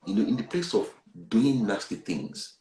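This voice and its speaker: A man tells a personal testimony, earnest and animated, dropping to a hush and then rising loud. His voice sits a little low. The room around him gives back a noticeable echo. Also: moderate pace. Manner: earnest, animated, swings between hushed and loud. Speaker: guest sharing a personal testimony. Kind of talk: candid testimony on a talk show.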